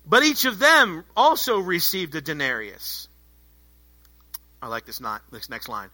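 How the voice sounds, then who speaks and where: Bright, high-voiced preacher man. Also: unhurried, long pauses. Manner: animated, conversational, jokey asides to the congregation. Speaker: pastor. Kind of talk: sermon.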